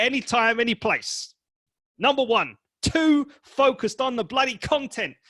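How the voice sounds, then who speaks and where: A man coaching professional advisors on public speaking, talking to the camera in an energetic, emphatic and blunt way. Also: high voice, slightly rough, no room sound. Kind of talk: direct-to-camera coaching talk.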